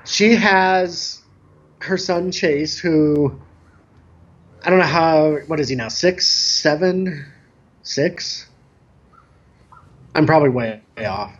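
A man's voice: a little high, muffled recording. A middle-aged man, a DJ and choreographer, telling easygoing stories in a casual chat and raising his voice for a child's lines. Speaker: guest, event DJ and choreographer. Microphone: remote call.

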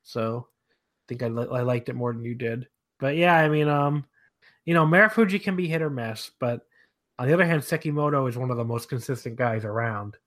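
A man's voice: mid-range voice, fairly quick, a bit bright. Male podcast host, casual and enthusiastic, steers the chat with questions.

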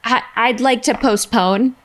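Slow, dry-humored woman guest. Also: fairly high pitch, background noise. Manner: dry, joking, laid-back. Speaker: podcast guest. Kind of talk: casual comedy podcast chat.

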